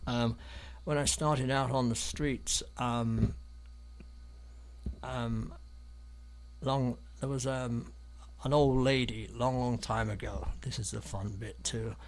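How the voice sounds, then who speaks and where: A man's voice: medium pitch, steady tone, takes it slowly. An English man from London, an artist guest in an interview, telling stories in a rambling, hesitant way with many ums and restarts. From London, England. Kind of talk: anecdotal storytelling in an interview.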